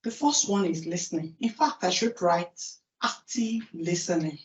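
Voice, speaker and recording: Nigerian woman giving a lively conference talk. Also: on the low side, moderate pace. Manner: lively, asks the audience questions and answers them herself. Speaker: conference speaker. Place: large conference hall. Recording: distant, roomy, dull hall recording.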